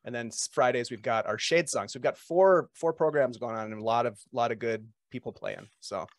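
A man who runs tabletop games, chatting on a stream and eagerly shouting out his group's shows. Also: medium pitch, moderate pace, dry recording. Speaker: game master and stream guest. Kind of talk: casual stream chat.

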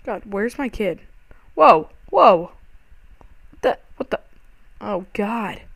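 Young guy doing lets play commentary, slow drawl, freaks out a lot, dry close mic. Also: high-pitched, creaky, no echo. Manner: excitable, panicky exclamations. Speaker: gaming channel host. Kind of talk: let's-play game commentary.

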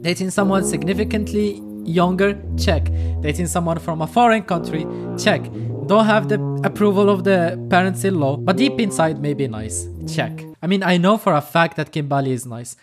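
A man's voice: sits high, fairly quick, hardly any pauses, over music. A man hosting a reaction video, giving snarky, joking commentary between clips. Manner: snarky, joking asides, laughs often. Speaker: reaction channel host.

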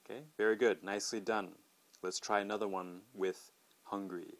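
Middle-aged male pronunciation teacher, lowish voice, slow clear repeat-after-me drills. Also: flat delivery. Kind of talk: podcast pronunciation lesson.

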